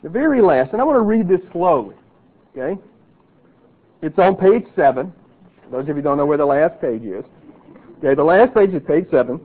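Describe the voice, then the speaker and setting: A middle-aged man teaching a Bible class, earnest, reading lists slowly and deliberately. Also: on the high side, sing-song, husky. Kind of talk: classroom lecture. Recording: tinny lo-fi, phone-like sound.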